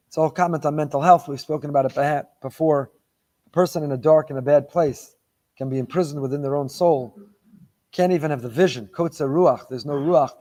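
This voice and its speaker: A man's voice: fairly high pitch, warm tone. A middle-aged man, a rabbi giving a Torah lecture, who talks emphatically and repeats phrases for stress.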